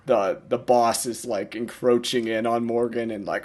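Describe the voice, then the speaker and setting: A man's voice: mid-range voice, level tone, unhurried, darkish tone. A young man giving a casual, self-mocking director's commentary, rambling with lots of filler words.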